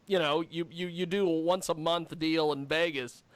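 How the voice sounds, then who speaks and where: A man's voice: on the high side, steady tone, moderate pace, no room sound. A man co-hosting a casual radio chat, jumping in with stammered questions.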